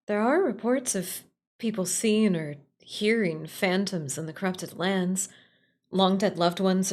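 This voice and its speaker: A woman reading aloud as a female royal scholar who confides a plot to a friend, speaking fondly and wistfully. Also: lowish voice. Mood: reassuring.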